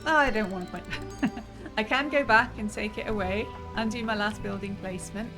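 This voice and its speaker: Woman streamer, chatty and musing, mid-pitched, over game music. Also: fairly quick. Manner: chatty, musing aloud, frequent laughs. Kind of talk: casual gameplay commentary. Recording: game music playing behind.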